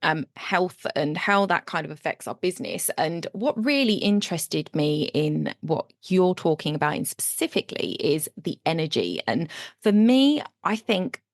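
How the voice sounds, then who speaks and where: A woman's voice: sits low, big pitch swings, normal speed, no room sound, studio quality. A woman hosting a podcast interview, talking in an enthusiastic, chatty way with some fillers. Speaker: podcast host.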